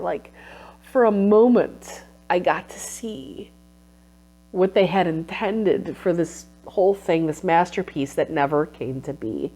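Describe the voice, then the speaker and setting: A woman's voice: on the low side, measured pace, a little mellow. A woman recapping her research in a casual vlog, emotional and sniffling at times. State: teary, sniffling. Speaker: vlogger and textile researcher.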